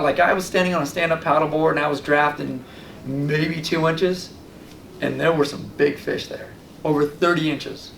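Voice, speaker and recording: A man hosting a fishing show, giving casual tips and telling lively stories in which he acts out his own reactions. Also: fairly high pitch, gravelly. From Long Island, New York. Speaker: fishing guide and show host. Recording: roomy, distant mic with light background noise.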